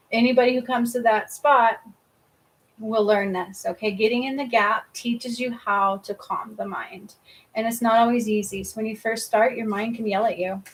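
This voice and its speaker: A woman's voice: a little high, fairly even intonation, moderate pace, low-quality recording. A woman giving a live-stream spiritual card reading, talking emphatically, often checking in with "okay?" and swearing casually. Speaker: spiritual reader and healer.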